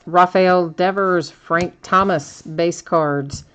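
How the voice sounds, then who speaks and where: Low-pitched woman, middle-aged, easygoing card break host; casual, chatty, quick to laugh. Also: steady tone, fairly bright tone, clear, resonant tone. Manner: chatty, laughs often, reads out cards and chat. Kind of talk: live stream card break commentary.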